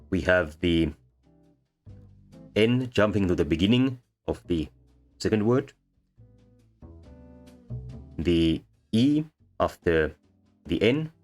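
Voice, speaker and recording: A man explaining sound changes as a lecturer, pausing often with ums and uhs. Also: deep voice. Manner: halting, many ums and uhs. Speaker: linguistics lecturer. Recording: faint background music.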